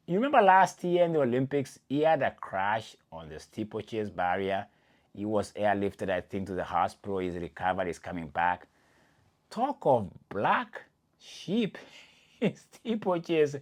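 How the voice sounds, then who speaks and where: An animated man from Kenya gives casual athletics commentary as a podcast host. His pitch swings widely while he presses each point. He keeps calling the listener "my friend" and talks to them directly. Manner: animated and emphatic, speaks straight to the listener as "my friend".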